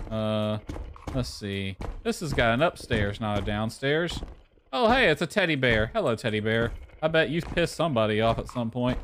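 In a very noisy recording, a man with a medium-pitched voice streams a game live. He chatters to himself in playful commentary, calling out and occasionally singing in a mock-sad voice.

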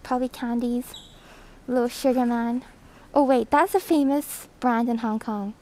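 A woman chatting casually on a live stream from an airport terminal, reading chat and greeting viewers excitedly, breathing heavily through a thick mask, recorded on a hand-held phone. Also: fairly high pitch, a little slow, a little hiss or hum, rough recording.

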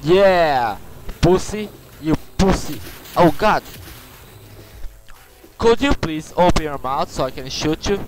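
Annoyed guy cursing at a game boss, slow drawl, slightly high voice, faint game music behind. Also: animated. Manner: frustrated, swearing at the boss. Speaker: gamer. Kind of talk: let's play commentary.

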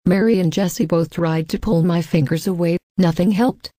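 A woman with a fairly low, dark, mellow voice reads a first-person ghost story in a measured, even way, and reads the quoted lines herself. The recording is close and dry, with no room sound. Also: no echo. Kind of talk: scripted ghost story narration.

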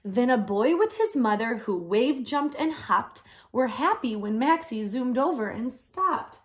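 Slow, gentle woman reading a picture book. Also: a little high, lively intonation. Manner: gentle, adds her own comments. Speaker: storyteller.

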